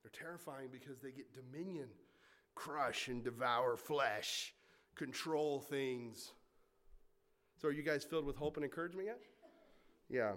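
A man preaching a sermon in an animated, conversational way, with jokes and asides to the congregation. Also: mid-range voice, unhurried, long pauses. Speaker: pastor.

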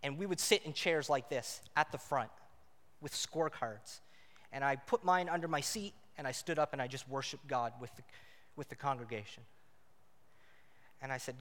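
A married man preaching a sermon, shifting between loud emphatic passages and quiet, intimate ones. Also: mid-range voice, moderate pace, long pauses. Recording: church hall reverb.

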